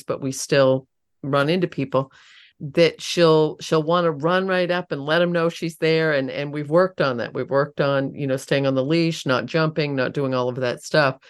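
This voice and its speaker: Woman host, low voice, halting, circling questions. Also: clean tone. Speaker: interview host. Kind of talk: casual interview talk.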